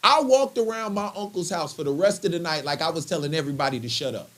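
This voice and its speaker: A man on a talk show spinning a comic story about his childhood. His voice sits a bit high and leaps up and down with every beat of the tale. He laughs often as he goes. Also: fast talker. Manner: animated, laughs often while telling stories. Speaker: comedian guest.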